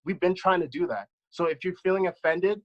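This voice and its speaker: Speaking a little fast in a voice that sits high, a dance choreographer in his thirties gives a panel an earnest, impassioned account over video call. He talks from the heart, and the audio has its highs cut off.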